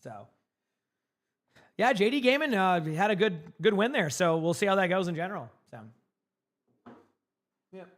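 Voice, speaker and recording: A man's voice: high-pitched, expressive, normal speed, pauses often. A young adult man from Massachusetts, a streamer in casual chat with his viewers, rambling with lots of fillers and repeated words.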